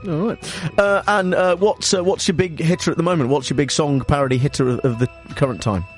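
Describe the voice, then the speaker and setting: A man's voice: a little high, fairly even intonation, a little fast, soft background music. A man hosting a radio chat show, talking in a rambling, hesitant way with many fillers. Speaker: radio host.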